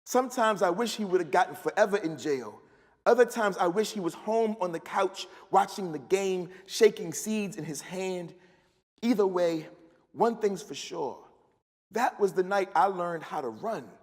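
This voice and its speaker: In a large festival hall with long reverb, an author gives a live first-person reading of his fiction with a rhythmic storytelling delivery. His voice is high-pitched and animated, at a moderate pace.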